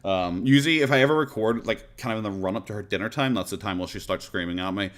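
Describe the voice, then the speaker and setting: A man's voice: on the low side, fast talker, a bit bright. A man with an Irish accent chatting casually on a live stream, rambling and sarcastic, often breaking into laughter. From Ireland.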